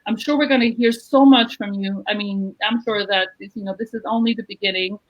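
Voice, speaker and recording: A woman's voice: medium pitch, fairly even intonation, a little fast, highs cut off. A woman hosting a live video-call interview, gushing and effusive in manner. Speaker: host of an online interview show. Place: at home in Jerusalem.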